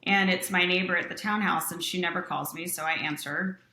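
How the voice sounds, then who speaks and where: A woman guest recounts a personal story with earnest, animated delivery. Her voice sits low yet sounds bright and forceful. The room around her carries a noticeable echo. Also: a little fast. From Utah. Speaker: company president, guest.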